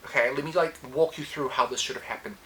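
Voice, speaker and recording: A woman's voice: low-pitched, fast, a bit bright, slight background noise, low-quality recording. A woman hosting a casual solo podcast, telling a personal story with animation and acting out her own past lines. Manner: reflective, self-coaching tone. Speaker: podcast host.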